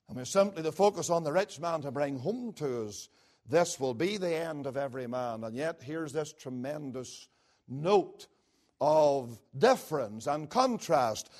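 A man with a notably high voice preaches a sermon. He climbs to loud, emphatic peaks, then sinks to low, hushed lines. He lingers slowly on key words. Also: expressive. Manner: swings between rising emphatic peaks and low hushed drops; slow, deliberate delivery with pauses on key words.

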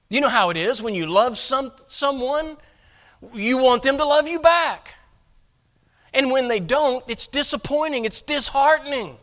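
In his sermon, a male pastor speaks with a forceful, bright, high voice. He's emphatic, repeating words as he stumbles to press each point, and his delivery shifts from loud stresses to quieter asides.

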